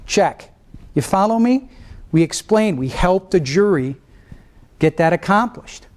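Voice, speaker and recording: Man, guest law lecturer, slightly high voice, conversational, checks in with listeners. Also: animated, unhurried. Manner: restarts and trails off mid-thought.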